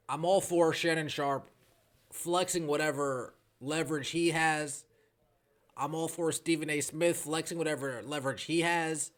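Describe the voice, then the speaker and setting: A man's voice: fairly high pitch, a bit bright. Sarcastic male podcast host. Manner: sarcastic, opinionated, emphatic. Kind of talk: commentary on played clips.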